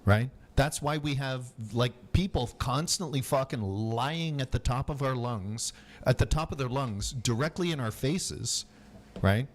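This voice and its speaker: A man's voice: medium pitch, unhurried. A man hosting a casual live stream, ranting and swearing heavily, sometimes mocking other voices. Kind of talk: heated casual debate.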